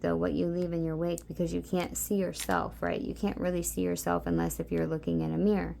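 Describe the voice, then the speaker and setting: A woman giving a soft, meandering spiritual card reading, talking intimately to her listeners with many fillers. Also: on the low side, vocal fry, slight background noise. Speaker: tarot card reader.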